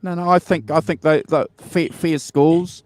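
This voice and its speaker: A man's voice: fairly high pitch, steady tone, unhurried. A man, co-hosting a casual album review chat, enthusiastic and repeating himself with many fillers. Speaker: podcast co-host.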